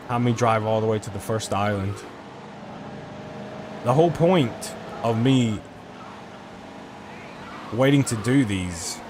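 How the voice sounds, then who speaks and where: This gaming streamer has a lowish voice, heard against background noise. He talks into a desk microphone, rambling through casual gameplay commentary and cursing in frustration.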